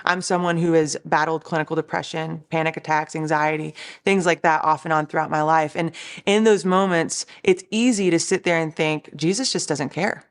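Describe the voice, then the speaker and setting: A young woman gives a casual devotional message, earnest and encouraging as she retells a story in plain conversational words. Her voice sits a little low for a woman. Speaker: Christian recording artist sharing a devotional.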